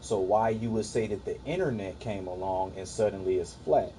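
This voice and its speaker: A young man with a low, mellow voice talks casually on a livestream, firing back at his chat. He is profane and dismissive, and there is a faint hiss of noise behind him. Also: normal speed, low-quality recording.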